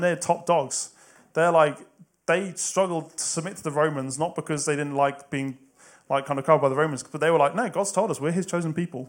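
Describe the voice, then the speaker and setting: A man preaching a sermon, moving from quiet storytelling to loud, emphatic exhortation. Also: a little high.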